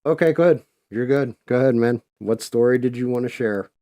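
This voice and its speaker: A man's voice: mid-range voice, normal speed, dark tone, no room sound. A man hosting a live stream, chatting casually and swearing freely while he paints. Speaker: livestream host.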